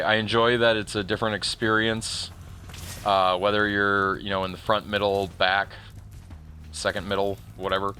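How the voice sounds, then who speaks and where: Bright-voiced man chatting on a livestream. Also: on the low side. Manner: rambling storyteller, many restarts and chuckles. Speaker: streamer. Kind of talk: casual chat while livestreaming a game.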